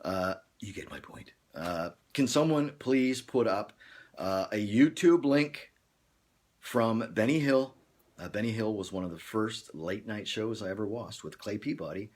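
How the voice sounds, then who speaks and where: A man's voice: fairly low pitch, expressive, measured pace. Rambling, chuckling man hosting a livestream. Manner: rambling, jokey, chuckles often. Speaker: livestream host. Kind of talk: casual live-stream chat.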